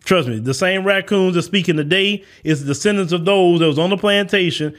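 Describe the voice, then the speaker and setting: Guy with a pretty high voice ranting on his podcast, blunt, repeats himself for emphasis. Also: fairly quick. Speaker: podcast host. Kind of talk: opinion monologue.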